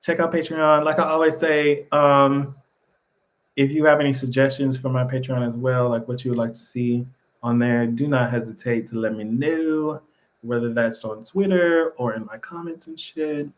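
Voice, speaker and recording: A man hosting a casual livestream, talking in an animated, profane way with sudden jumps in pitch and frequent laughter. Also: moderate pace. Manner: laughs often between remarks. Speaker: livestream host.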